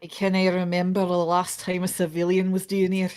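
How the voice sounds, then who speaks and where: A woman voicing a gruff, dismissive male prison governor with a put-on Scottish accent. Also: lowish voice, monotone, a little fast, darkish tone, lightly acted. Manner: brusque, dismissive.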